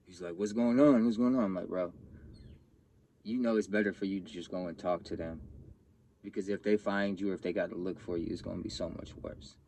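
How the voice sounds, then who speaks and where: A man's voice: deep voice, fairly even intonation, a little fast, a little mellow, a little hiss or hum. A young man telling a personal story in casual, profane street slang, acting out the other people's lines. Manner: blunt, profane street slang, acts out quotes with raised voice.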